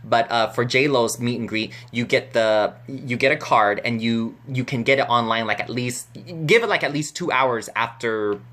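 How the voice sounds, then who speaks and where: A man vlogging to camera, telling a story in a chatty, animated way with many fillers and restarts. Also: medium pitch, moderate pace, hardly any pauses.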